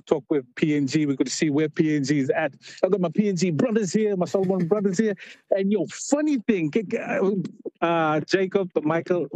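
A man's voice: on the high side, darkish tone, dry recording, rough recording. Laid-back ni-Vanuatu man, laughing chatter. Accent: Pacific Islander, ni-Vanuatu. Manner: laid-back, laughs often, says yo and bro. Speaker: radio correspondent. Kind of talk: casual chat on a phone line.

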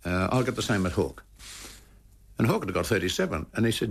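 Gravelly older Australian man telling stories. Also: lowish voice, very animated, a little fast, long pauses. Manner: emotive, repeats words when stressed. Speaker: former cricketer. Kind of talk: anecdotal storytelling.

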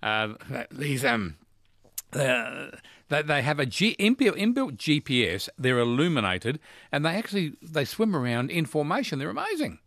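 A man runs a call-in radio quiz, chatty and upbeat. His pitch swings widely as he talks. The sound is dry and close. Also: moderate pace, no room sound. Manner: chatty, animated, laughs easily. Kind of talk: casual talkback radio quiz.

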